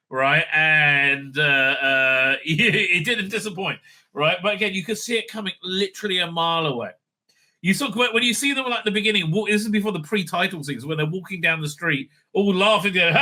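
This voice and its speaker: A man reviews a show in a loose, unscripted way, circling back and checking in with a tag question. His voice sits a little high and rings very bright and forward. He sounds halting and conversational rather than polished. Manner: rambling, halting, often tags lines with "right?". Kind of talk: casual off-the-cuff review.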